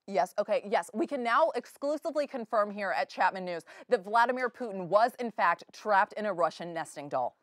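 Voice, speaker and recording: A woman's voice: mid-range voice, expressive, fairly quick, hardly any pauses, fairly bright tone, no room sound. A young woman anchoring a comedic student newscast with a playful, sarcastic delivery. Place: studio.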